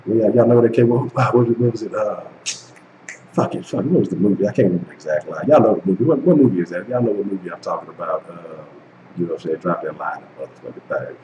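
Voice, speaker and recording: A man's voice: low-pitched, fast, mellow. A man hosting a sports live stream, taunting rival fans in a profane, repetitive rant. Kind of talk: heated casual rant at trolls. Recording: echoey room with faint noise.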